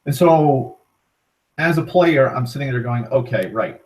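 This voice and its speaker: A man's voice: medium pitch, measured pace. A man casually retelling a tabletop game session, swearing constantly and acting out the characters' lines. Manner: heavy swearing, rambling with restarts; animated, acting out quoted lines. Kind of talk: casual storytelling monologue. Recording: voice a bit far from the mic.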